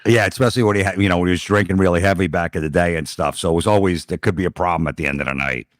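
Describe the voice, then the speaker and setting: Deep-voiced man telling stories. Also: very fast, no room sound, clean studio sound. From New Jersey. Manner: blunt, profane, deadpan anecdotes. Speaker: comedian guest. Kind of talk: casual podcast storytelling.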